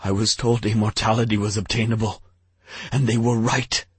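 A man's voice: level tone, a little slow, a little mellow, husky, no room sound. A man doing a sobbing, desperate king. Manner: pleading, high and strained. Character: desperate weeping human king, fearful father.

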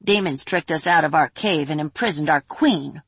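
A woman voicing a weary, sighing tiny female fairy with a flat, dry manner. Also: sits low, normal speed, gravelly, husky, no echo, exaggerated voice.

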